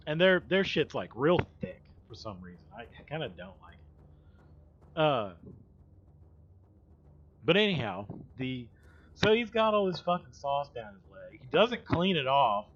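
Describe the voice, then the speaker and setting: A man's voice: on the high side, very animated, takes it slowly, pauses often, a bit bright. Man, livestream host, rambling profane storytelling, dull lo-fi audio. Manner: rambling, profane, laughing asides. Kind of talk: casual storytelling chat.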